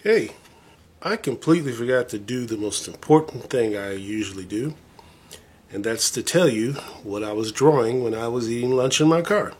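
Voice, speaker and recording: A man's voice: mid-range voice, expressive, normal speed, slight background noise. A man chatting casually to camera as a vlogger, rambling and enthusiastic with a self-deprecating streak. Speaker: vlogger showing his record collection.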